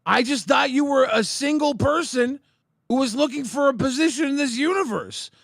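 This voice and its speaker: High, gravelly man, halting. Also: fairly bright tone, no room sound, studio quality. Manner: hesitant, halting, stumbles over words. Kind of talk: defensive explanation in recorded call.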